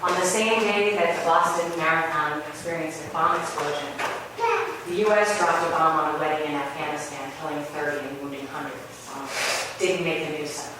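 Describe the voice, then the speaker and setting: A woman's voice: low voice, fairly even intonation, brisk. A woman giving a sermon, telling stories in a loose, conversational way. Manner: conversational storytelling. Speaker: spiritual speaker. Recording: very echoey room, voice far from mic, ambient noise.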